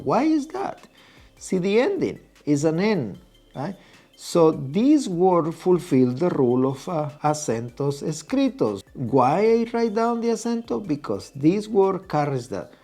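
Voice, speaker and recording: A man's voice: a little high, mellow. Patient man teaching. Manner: patient, repeats key points, stretches syllables slowly. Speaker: Spanish teacher. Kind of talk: explaining at a whiteboard.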